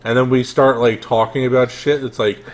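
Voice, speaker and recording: A man's voice: medium pitch, level tone, moderate pace. A young man from New Jersey with a New Jersey accent, hosting a casual podcast chat, joking and rambling with frequent restarts. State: drinking, tipsy. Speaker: podcast host.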